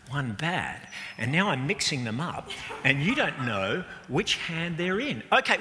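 A lively man gives a jokey children's talk in a reverberant church hall. His voice sits fairly high and very bright, bouncing up and down as he quizzes the audience. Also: slight background noise. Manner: animated, chatty, jokey, asks the audience questions.

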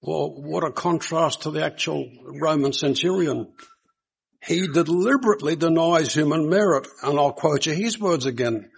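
A man's voice: a little high, moderate pace, vocal fry, breathy edge, poor audio. A man preaching a sermon to a congregation, speaking earnestly and putting rhetorical questions to his listeners.

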